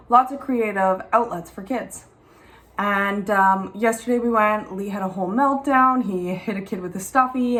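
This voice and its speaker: A young woman, a mother, talking candidly and casually to camera at home in a chatty, animated way. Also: mid-range voice. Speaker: mom vlogger. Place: at home, in the garden.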